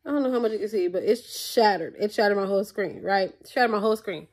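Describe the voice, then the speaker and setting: A woman's voice: medium pitch, fast. A young woman vlogging at home into her tablet's mic, chatting to viewers in an exasperated, casual way. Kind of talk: casual chat to camera. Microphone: tablet built-in mic.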